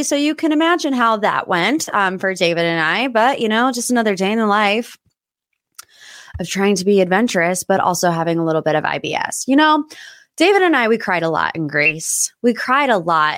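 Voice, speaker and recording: Woman in her 30s, US pop-culture podcast host, expressive pitch jumps, dry close mic. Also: normal speed, no room sound. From United States. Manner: chatty and emotional, voice jumping high when excited. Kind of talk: casual solo podcast chat.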